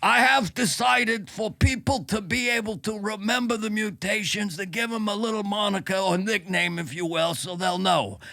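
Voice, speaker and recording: A man's voice: high-pitched, normal speed, vocal fry, few pauses, no echo, heavily acted. A man doing a comic impression of an older male doctor who hedges every answer and rambles. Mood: hedging rambling. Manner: hedging, rambling, deadpan then brash.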